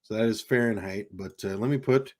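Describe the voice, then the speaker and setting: A man's voice: lowish voice, brisk, a little mellow. Rambling man chatting on a livestream. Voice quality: rambling, many ums and uhs. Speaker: livestream host. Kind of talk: casual livestream chat. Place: home streaming setup in California. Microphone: desk microphone with keyboard behind it.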